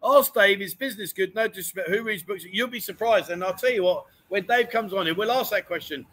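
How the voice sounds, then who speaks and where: Man, livestream host, high bright voice, jokey teasing banter, indoors in a bookshop. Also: fairly quick. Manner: jokey, teasing, often says "unbelievable". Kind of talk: casual banter, reading viewer comments.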